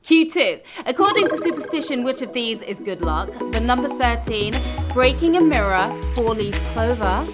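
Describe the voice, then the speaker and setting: A woman's voice: a little high, animated, normal speed, over loud music. A woman hosting a live trivia game show, reading questions and tossing out playful, teasing quips between answers. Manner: playful, quippy, teasing asides. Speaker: quiz show host.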